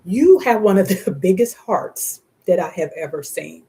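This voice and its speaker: A woman's voice: on the low side, very animated, measured pace, mellow. A woman reads tarot on a live stream. She talks in a casual, slangy way, speaking heartfelt words to the viewer and to the spirit guides. Laughter often breaks into her speech. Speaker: tarot reader.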